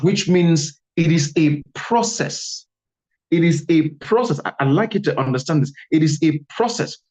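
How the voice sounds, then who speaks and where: Male communication coach, fairly high voice, emphatic and repetitive delivery, dull lo-fi audio. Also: a little mellow. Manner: emphatic, repeats key phrases, varies pace a lot. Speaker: communication instructor. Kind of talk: online class lecture.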